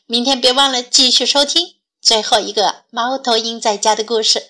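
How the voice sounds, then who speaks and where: A woman hosting a bilingual teaching programme for children, speaking in a gentle, coaxing way. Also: a little high, fairly even intonation, normal speed, dry recording. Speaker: children's English teacher host.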